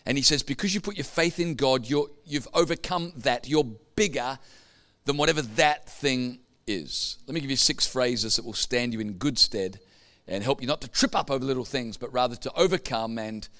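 A pastor with a mid-range, fairly bright voice delivers a sermon at a normal speed. He tells stories and builds them up toward emphatic peaks.

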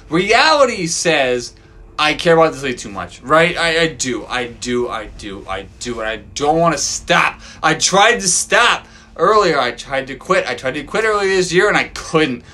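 A man hosting a podcast from his backyard, ranting profanely as a sports fan and swinging from loud outbursts to low mutters. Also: big pitch swings, moderate pace. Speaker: podcast host. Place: home backyard.

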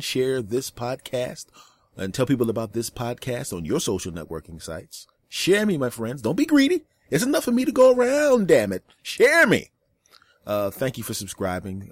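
A man's voice: sits low, darkish tone, no room sound. A man hosting a podcast, telling a comic story in an exasperated, ranting way and swearing for effect. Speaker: podcast host. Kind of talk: comedic storytelling monologue.

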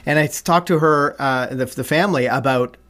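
A man's voice: mid-range voice, fairly quick, fairly bright tone. A man hosting a live podcast in a loose, enthusiastic way with many fillers. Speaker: podcast host and dog trainer.

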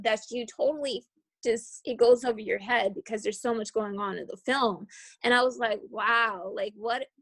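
A woman's voice: a little high, gravelly, dry recording. A woman hosting a casual podcast about horror movies, rambling with lots of fillers and casual swearing. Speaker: podcast host.

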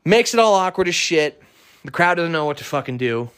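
A man's voice: fairly high pitch, lively intonation, a little fast, a bit bright, clean tone. A young man hosting his own podcast, talking alone in a casual, blunt and heavily profane rant. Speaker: podcast host.

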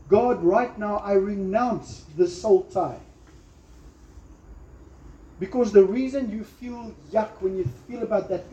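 A man's voice: high voice, mellow. A man preaching a sermon emphatically, acting out little quotes and prayers. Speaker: pastor. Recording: echoey room, slightly dull sound.

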